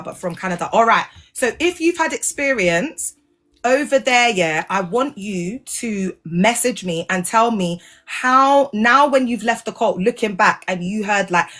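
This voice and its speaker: A woman's voice: medium pitch, a bit bright. A woman hosting a casual livestream, talking animatedly and in slang straight to her viewers. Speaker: livestream host, former church member.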